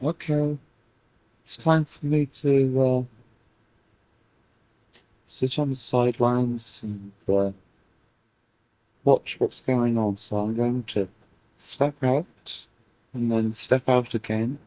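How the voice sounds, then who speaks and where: A man channeling a playful, teasing female spirit in a slow, halting way, in a channeling session. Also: medium pitch, mellow, no room sound, natural voice. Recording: dull dry lo-fi recording.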